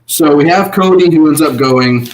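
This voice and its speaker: Poor audio captures a man with a fairly high voice speaking at an ordinary speed as he co-hosts a relaxed online show. It's a casual recap chat full of energy and frequent laughter, and he imitates the contestants when quoting them.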